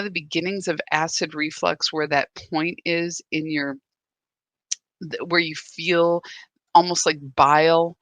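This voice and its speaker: A woman's voice: sits low, a bit bright, dry recording. A woman hosting a live spiritual practice, talking candidly and emotionally into her phone, often stopping and restarting her thoughts. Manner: emotional, searching, many restarts. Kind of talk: candid live-stream talk.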